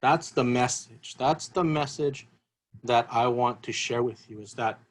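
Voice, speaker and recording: A man's voice: medium pitch, a little slow, low-quality recording. A man giving an earnest, emotional talk at a seminar. He repeats his key phrases as he speaks. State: emotional, voice catching.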